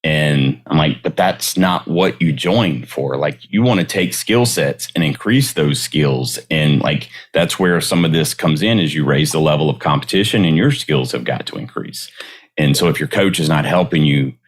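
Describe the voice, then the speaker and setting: A man's voice: rumbling low, moderate pace. A man hosting a podcast who runs youth leagues, talking casually with many fillers and rhetorical questions. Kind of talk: casual interview chat.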